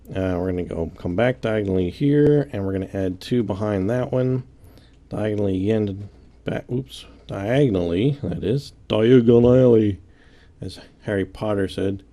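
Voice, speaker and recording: Male tutorial host, low and gravelly, mellow tone, easygoing self-joking delivery. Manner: counts aloud, relaxed and self-joking. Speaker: game building tutorial host. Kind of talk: casual step-by-step building commentary.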